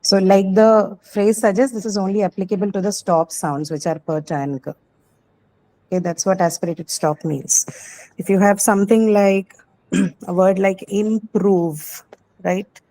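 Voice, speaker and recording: Woman, teacher, online class, patient explainer, warm tone. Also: mid-range voice, fairly even intonation, a little slow, rough recording. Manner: patient, explanatory, often checks with "right?". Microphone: video call.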